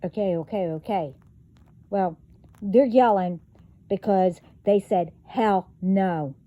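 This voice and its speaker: A woman's voice: mid-range voice, slow, no echo, lo-fi sound. A woman vlogger delivering a profane, confrontational rant straight to her viewers. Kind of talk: angry rant to camera.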